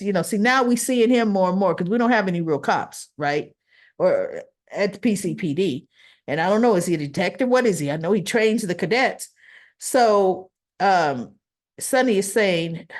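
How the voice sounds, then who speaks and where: In a mid-range voice, a woman chats through a soap opera episode recap, animatedly replaying the scenes and voicing the characters' dialogue.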